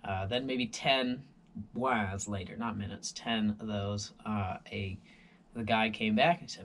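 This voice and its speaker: A man's voice: lowish voice, fairly even intonation, a little slow, a bit bright. A tired man vlogger telling a rambling story in a casual monologue, full of voices and sound effects.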